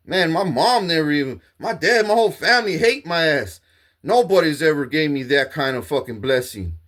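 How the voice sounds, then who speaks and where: A man's voice: on the high side, lively intonation, moderate pace, fairly bright tone. A man delivering a rambling, profane monologue, grandiose and repetitive, with frequent restarts. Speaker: self-proclaimed king ranting to camera.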